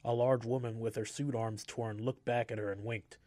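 A man reading a story aloud in a steady, measured way. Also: medium pitch, no room sound, studio quality.

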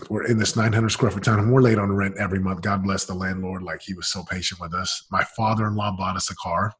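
A man's voice: lowish voice, breathy edge. A man in his forties, a podcast guest telling his story candidly in an emphatic, casual, slangy way.

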